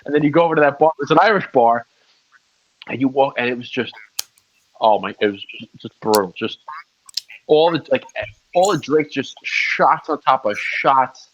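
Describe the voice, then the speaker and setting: A man's voice: mid-range voice, normal speed, long pauses, fairly bright tone, a little hiss or hum. Rambling man on a lo-fi recording. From Long Island, New York. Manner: rambling storyteller, swears freely. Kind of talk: casual chat. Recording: dull lo-fi sound.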